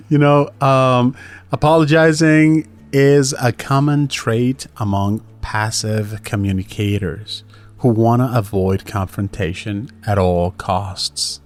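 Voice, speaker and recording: A man talks through an English lesson in a loose, chatty way, dropping in fillers and quick acted-out example lines. His voice sits at an ordinary middle pitch. Soft music plays quietly behind him. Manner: chatty, lively, fillers like right and you know, acts out example lines. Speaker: English teacher, podcast host. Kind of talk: casual instructional talk.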